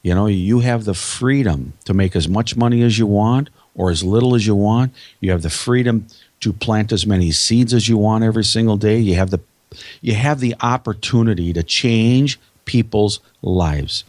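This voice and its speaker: Emphatic Minnesotan man, low and dry. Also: moderate pace, a little mellow, dry recording. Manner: emphatic, motivational, repeats key phrases. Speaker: sales trainer and podcast guest. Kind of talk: podcast interview.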